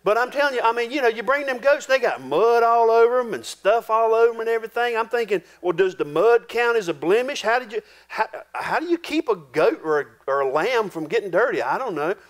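A man with a fairly high voice preaching to his congregation. His talk is folksy and homespun, full of rural turns of phrase, and he sinks his voice low and quiet for the weighty points. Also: expressive, a little fast, hardly any pauses. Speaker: pastor. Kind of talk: sermon.

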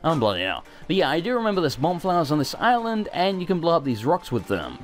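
Brief: young male let's play host, swears a lot, pitch swings wildly, soft game music under him. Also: a little fast. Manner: sweary, self-mocking, excitable. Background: faint game music.

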